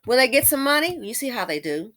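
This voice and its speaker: A woman's voice: on the high side, very animated, quick pace, fairly bright tone. A woman giving sassy, exasperated opinion commentary as the host of her channel. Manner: sassy, exasperated, mocking impressions. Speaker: commentary vlogger.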